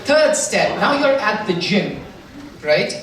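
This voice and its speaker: A man working a live crowd with slow, teasing stand-up and self-mocking jabs. His voice rings through a very echoey hall, picked up from well off the mic. Steady noise sits under everything. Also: high-pitched, distant mic. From India. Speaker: stand-up comedian. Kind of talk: stand-up comedy with audience participation.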